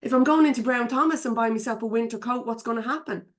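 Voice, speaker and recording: An Irish business coach with a fairly high voice speaks fast during a live webinar run from her home computer. She's chatty and frank, laughing often and swearing casually.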